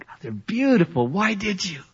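A preacher putting on a gushing delighted wife. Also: male voice, high-pitched, sing-song, moderate pace, slightly rough, pitched above the performer's own voice, full character voice. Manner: gushing, surprised. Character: delighted middle-aged wife at the door. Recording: dull lo-fi sermon recording.

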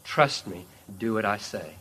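A man voicing a sovereign king who speaks in a calm, commanding, measured way. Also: lowish voice, husky, voice pushed down, full character voice. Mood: assuring.

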